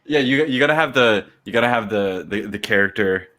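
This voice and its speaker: A man co-hosting a casual chat, talking in an animated way and slipping into silly voices. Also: lowish voice, fairly quick.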